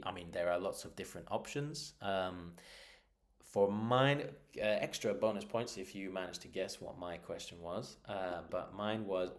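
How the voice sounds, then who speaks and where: Guy with a lowish voice teaching beginner english, patient, says every example twice real slow. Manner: patient, repeats example sentences slowly and clearly.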